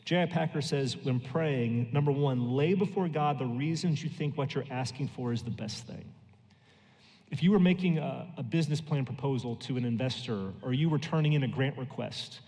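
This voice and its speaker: An American man in his thirties preaching a sermon in a church, telling everyday stories in a conversational way with quick lively asides. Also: medium pitch, gravelly. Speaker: pastor. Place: church sanctuary. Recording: long reverb in a church hall.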